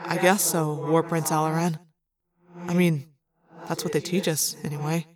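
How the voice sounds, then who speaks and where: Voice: mid-range voice, little pitch movement, normal speed, crowd noise, natural voice. A reader voicing a young, earnest male alien cadet who speaks timidly and eagerly.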